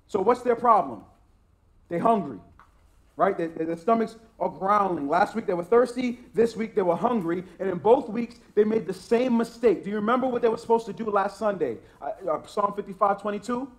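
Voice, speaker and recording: Preacher guy, pretty high voice, emphatic and repeats himself a lot. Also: a little fast. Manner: emphatic, repetitive preaching with restarts. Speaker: pastor. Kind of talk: sermon.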